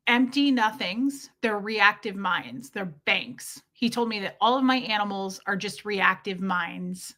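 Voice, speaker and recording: Bright-voiced young woman, candid and rambling. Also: medium pitch. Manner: candid, rambling, with fillers and restarts; emotionally charged, near tears. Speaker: livestream host. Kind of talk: casual confessional livestream talk. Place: home room with her pets.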